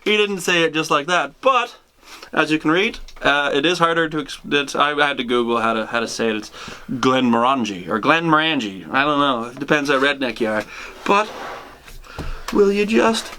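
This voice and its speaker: A man hosting a casual whiskey tasting, joking around and reading tasting notes slowly. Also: fairly high pitch, animated, sharp tone, slight background noise. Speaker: show host.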